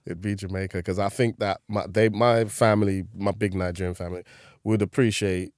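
A comedian chatting casually as a podcast guest, telling animated stories and laughing often. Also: male voice, fairly low pitch, a little fast, dry recording, clean studio sound.

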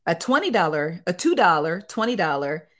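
A woman's voice: lowish voice, moderate pace. A middle-aged woman telling a story in a casual interview, acting out the quotes in different voices. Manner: animated, acts out quotes in voices. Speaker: guest, site owner.

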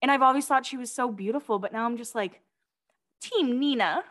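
A woman's voice: on the high side, brisk, a bit bright. A woman co-hosting a podcast, chatting casually and reading out celebrity gossip items with gushing asides. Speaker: podcast co-host.

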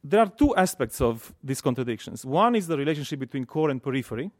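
A man's voice: mid-range voice, sing-song, fast, no room sound, studio quality. A man moderating an academic event, introducing the guest speaker with many hesitant fillers. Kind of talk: formal introduction.

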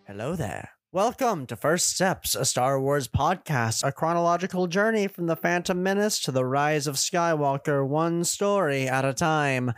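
A man's voice: fairly high pitch, moderate pace, few pauses, clean tone, no echo, soft background music. Dry-sounding man hosting a fan podcast. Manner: enthusiastic, steers the talk. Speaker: podcast host. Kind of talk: casual chat.

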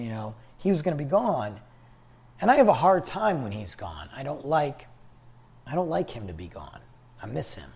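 A middle-aged man with a somewhat husky voice, pitched a little higher than most men, talks earnestly in a reflective podcast monologue. His delivery swings widely up and down. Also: darkish tone. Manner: earnest, confiding, self-reflective. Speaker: podcast host.

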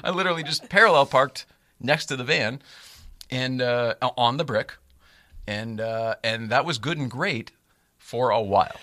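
A man hosting a casual chat, telling a story in an animated way and laughing often. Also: medium pitch, moderate pace, no room sound, clean studio sound. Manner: animated, laughs often, acts out voices in quotes.

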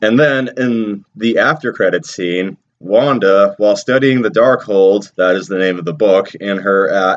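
Low-voiced man hosting a podcast. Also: lo-fi sound. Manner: steady plot summarizing. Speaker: podcast host. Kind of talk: casual recap chat.

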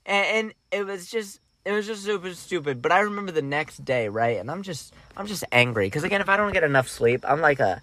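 A young man co-hosting a podcast, telling stories casually, with lots of laughter and loud acted-out quotes. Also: fairly quick, few pauses. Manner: animated, acts out quotes in loud high voices, laughs often. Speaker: podcast co-host. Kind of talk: casual storytelling chat.

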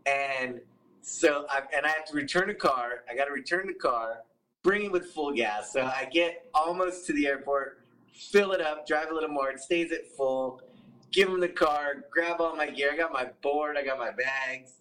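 A man telling a story as a podcast guest, animated and profane, acting out what other people said. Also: fairly high pitch, normal speed, recorded from a distance, poor audio. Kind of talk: casual storytelling.

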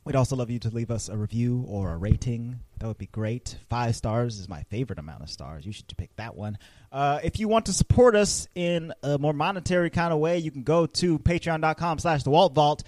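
A man's voice: medium pitch, expressive, fairly quick, a little mellow, no room sound. A man co-hosting a podcast, running through the show's plugs in an upbeat, joking way. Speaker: podcast co-host. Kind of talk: casual chat and show plugs.

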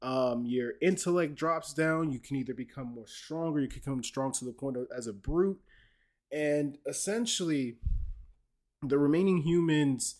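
Guy on a podcast, kinda high voice, walking through a game's lore, jokey. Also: moderate pace, darkish tone. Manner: explaining a game's story, joking with his co-host. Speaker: podcast host. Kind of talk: casual chat.

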